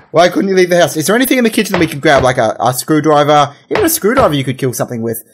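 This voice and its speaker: A man's voice: fairly high pitch, sing-song, rapid-fire, hardly any pauses, slight background noise. A young man casually commenting on a horror game, rambling and joking as he tells a made-up story. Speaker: gamer. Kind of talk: casual let's play commentary.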